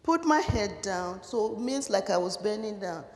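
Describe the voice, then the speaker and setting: A woman's voice: medium pitch, moderate pace. Woman telling a story in a hall. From Nigeria. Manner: animated, with hesitant uh fillers and restarts. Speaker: speaker. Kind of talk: personal storytelling talk. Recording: echoey hall with long reverb.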